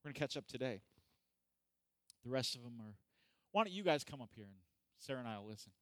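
A man's voice: mid-range voice, fast talker, no echo. A man preaching a casual, joking sermon who acts out the people in the story. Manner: animated, joking, acts out voices. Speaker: pastor. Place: church hall.

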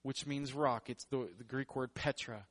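A man's voice: mid-range voice, steady tone, normal speed. A man preaching a sermon in a joking, conversational way. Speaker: pastor.

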